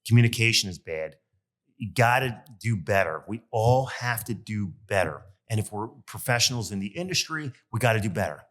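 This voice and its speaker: A man with a lowish voice and a moderate pace runs a laid-back solo podcast, where the loan officer vents his frustration animatedly and leans heavily on fillers like um and uh.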